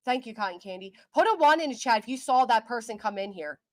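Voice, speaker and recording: This is a woman hosting a casual livestream chat. She talks in an indignant, ranting way. Her voice sits a little high, and the sound is dry and close. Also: expressive, fast talker, no room sound. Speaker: livestream host.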